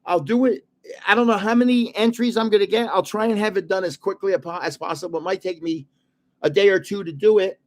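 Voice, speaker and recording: A man's voice: sits high, a little fast, a little mellow. An older man hosting a late-night live stream, rambling casually with chuckles and restarts, sounding tired. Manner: rambling and chatty, chuckling often, many restarts. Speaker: livestream host running a card giveaway.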